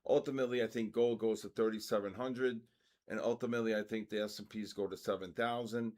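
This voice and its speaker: An older man hosting a live trading stream, excitedly calling out price moves and giving quick trade advice. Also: on the low side. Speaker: trading livestream host. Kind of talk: live market commentary.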